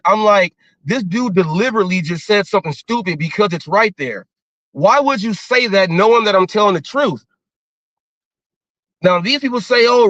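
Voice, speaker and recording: A man's voice: sits high, a bit bright, no echo, lo-fi sound. A man hosting a livestream, ranting defensively and often repeating himself as he restarts his words. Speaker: livestream host.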